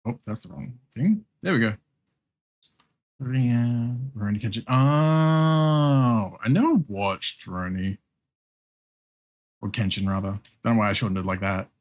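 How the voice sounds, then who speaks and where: A man's voice: mid-range voice, measured pace, long pauses. Rambling man chatting while drawing. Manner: rambling, reacts to chat and background music; talks with frequent fillers and small laughs. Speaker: art streamer. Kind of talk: casual chat while drawing on stream.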